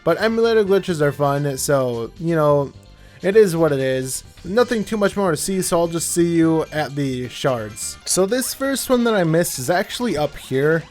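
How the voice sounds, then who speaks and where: A young man with a fairly high, expressive, somewhat dark voice talks at a normal pace over soft background music. He rambles chattily through a casual let's-play video, often correcting himself mid-sentence as he plays.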